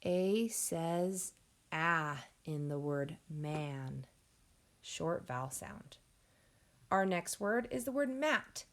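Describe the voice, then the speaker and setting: Woman, phonics teacher, very slow pace, vocal fry, clear sounding-out, encouraging. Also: deep voice, lively intonation. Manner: encouraging, addresses class as friends. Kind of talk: phonics lesson for young children.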